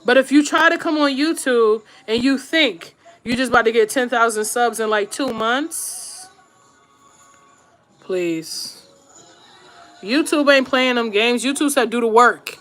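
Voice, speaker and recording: A woman's voice: a little high, normal speed, few pauses, a bit bright, faint music behind. A woman streamer giving casual, blunt advice to her viewers while doing her makeup, slangy and emphatic, repeating her points for stress. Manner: slangy, addresses viewers directly. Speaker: YouTube streamer and podcaster.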